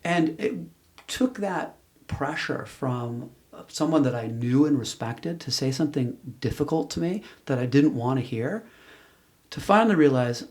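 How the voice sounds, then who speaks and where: A man's voice: medium pitch, expressive, measured pace, a little mellow. A middle-aged man, an interview guest, telling a personal story in a candid, rambling way with many restarts and fillers. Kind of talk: casual conversational storytelling.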